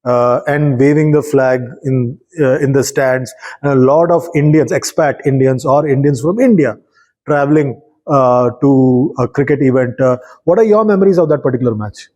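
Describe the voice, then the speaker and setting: A man hosting a conversational interview, measured and hesitant with fillers. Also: mid-range voice, darkish tone, poor audio.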